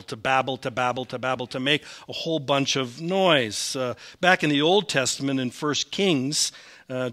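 In a church sanctuary, a male senior pastor delivers an animated sermon in a medium-pitched voice with an Upper Midwest American accent. He grows louder when reading scripture and tucks in self-deprecating asides.

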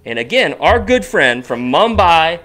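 Lively, high-voiced male podcast co-host. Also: a little slow. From Cincinnati, Ohio area. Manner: animated, walks through download stats. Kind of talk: casual podcast chat.

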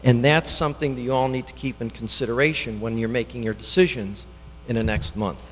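Man, local official at hearing: earnest, halting delivery with restarts, long hall reverb. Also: mid-range voice, steady tone, slight background noise. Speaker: elected official speaking at public hearing. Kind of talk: public comment. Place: town meeting hall.

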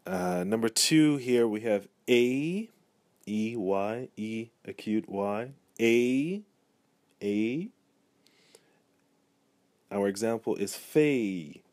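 A man's voice: on the low side, a little mellow, no room sound. A man giving a pronunciation lesson, speaking patiently and repeating each example word. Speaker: language teacher. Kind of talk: pronunciation tutorial.

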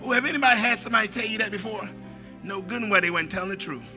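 A man preaching a sermon as a pastor, shouting at the peaks, dropping to quiet asides, and repeating his phrases. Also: sits high, rapid-fire, music in the background.

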